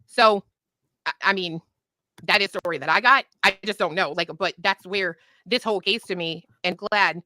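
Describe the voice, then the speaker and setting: A woman's voice: medium pitch, moderate pace, pushed and bright, no echo. A woman guest on a livestream, talking bluntly and heatedly with heavy swearing. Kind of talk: casual chat.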